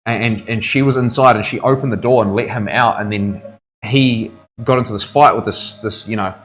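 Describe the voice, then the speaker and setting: Heard through a rough recording, this New Zealand-accented man has a lowish voice and talks fairly quickly. A tattoo artist on a casual live stream, he tells wandering, expletive-filled stories in an easygoing way.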